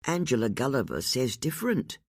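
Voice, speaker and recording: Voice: medium pitch, big pitch swings, fairly quick, dry recording, clean studio sound. The audiobook narrator voicing a blunt woman who presses hard with her questions.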